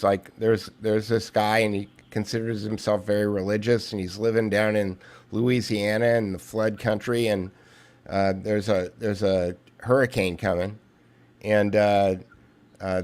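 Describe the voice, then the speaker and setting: A man with a lowish voice talks as a guest on a podcast, telling a long joke. He circles around his points with stops and restarts. The sound is a remote call. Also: steady tone, unhurried, darkish tone. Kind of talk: casual conversation with storytelling.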